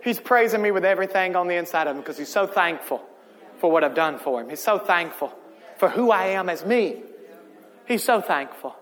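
A man's voice: high voice, lively intonation, a little fast, big-room sound. A man voicing God the Father as an ancient, fond father, amused and delighted as he talks to his son. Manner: warm, amused, talking to his son in heaven.

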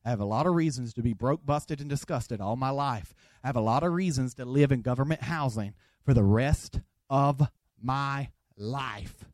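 A man's voice: mid-range voice, normal speed, a little mellow, dry recording. A man from the Southern United States, with a Southern accent, preaching an emphatic, joking sermon full of repeated phrases.

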